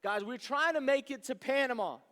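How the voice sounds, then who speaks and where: A man, a youth pastor, telling a story in a sermon, animated and rambling, with asides like "right?". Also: very high-pitched, a little fast. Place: church youth service hall. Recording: long reverb of a large hall.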